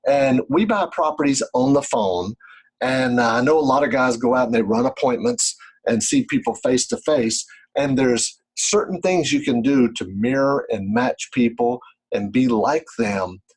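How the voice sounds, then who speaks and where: A man's voice: mid-range voice, a little slow, husky, rough recording. A man giving a casual instructional talk about buying property, talking straight to the viewer and checking in often with "right?" and "okay?". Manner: demonstrates by acting out phone calls. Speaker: real estate investor teaching.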